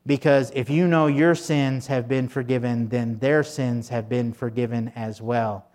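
A man's voice: mid-range voice, fairly even intonation, measured pace, a little mellow. A man preaching a sermon in a conversational, folksy way, full of fillers and restarts. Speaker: pastor.

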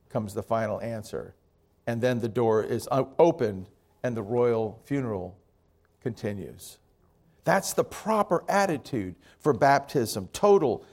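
A man's voice: medium pitch, big pitch swings, a little slow, darkish tone. A male pastor preaching a sermon to his congregation in a conversational way, with joking asides.

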